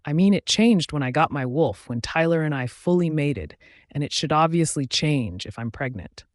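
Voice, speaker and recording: A man narrating a fantasy romance audiobook in the first person, in an even storytelling delivery. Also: on the high side, moderate pace, no room sound, clean studio sound.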